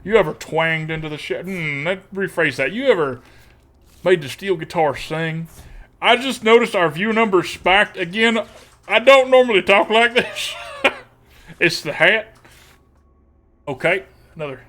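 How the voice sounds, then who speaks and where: A man's voice: high-pitched, unhurried, long pauses, pushed and bright. A man streaming a card game, talking in a put-on folksy country twang and cracking self-deprecating jokes. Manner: joking, self-deprecating asides.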